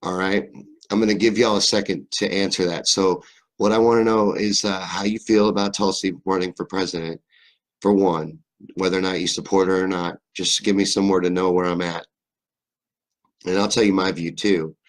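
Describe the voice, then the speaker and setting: A young livestream host from Kentucky, USA, has a very low, deep voice with a faint Southern drawl, fairly even intonation, and a normal speaking speed. He reads viewer comments in a casual chat and riffs on them loosely, rambling, joking, and swearing freely.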